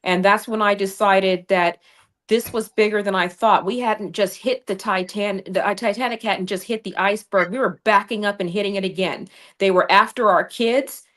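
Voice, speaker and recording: This livestream guest is a woman running for Congress who relates her story fiercely and combatively. She has a mid-range, slightly bright voice with fairly even intonation and a moderate pace. The audio comes through a remote streaming mic from her home studio on a video call.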